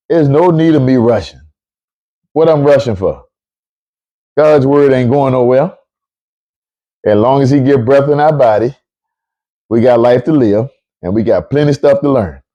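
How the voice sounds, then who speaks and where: A man hosting a casual livestream Bible talk, chatty and excitable, often repeating himself as he greets viewers. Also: mid-range voice, highs cut off. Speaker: online show host.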